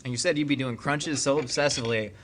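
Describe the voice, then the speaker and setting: A man's voice: medium pitch, steady tone, fast, noisy background. A man hosting a casual interview, presenting dishes and asking questions in an upbeat way. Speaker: interview host.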